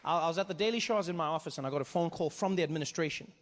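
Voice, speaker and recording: A male stand-up comedian from Africa tells a story in a high, fast voice. He acts out each scene with lively energy. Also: a little hiss or hum.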